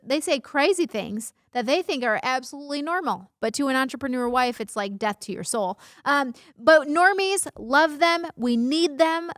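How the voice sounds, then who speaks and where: A woman in her thirties hosts her own casual vlog, speaking straight to the camera. Her voice sits a little high, and her delivery is bubbly and playful, full of jokey asides. The sound is close and dry, with almost no room echo. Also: fairly bright tone. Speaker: vlog host. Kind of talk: casual talking-head vlog.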